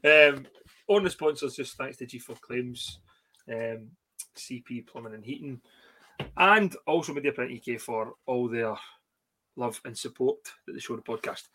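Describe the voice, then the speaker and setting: A man's voice: medium pitch, normal speed, pushed and bright. A Scottish man hosting a casual football podcast over a video call, blunt and jokey. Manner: jokey, laughs often, blunt. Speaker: podcast host.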